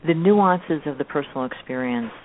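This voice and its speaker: A soft-spoken woman putting a thoughtful question to a guest. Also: sits low, lively intonation, normal speed. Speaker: co-host asking questions. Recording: tinny phone line with faint hiss.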